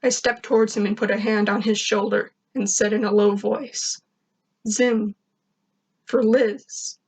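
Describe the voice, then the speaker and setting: A woman reading a first-person fan fiction story aloud in a steady narrating voice. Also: medium pitch, normal speed, husky.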